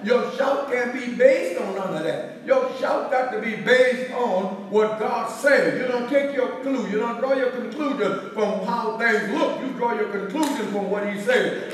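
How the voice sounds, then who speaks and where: A man's voice: very high voice, measured pace, hardly any pauses, a crowd in the background. A man pastor teaching a Bible study, preaching in a repetitive, rising and falling cadence. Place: church hall. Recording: echoey hall, from far off.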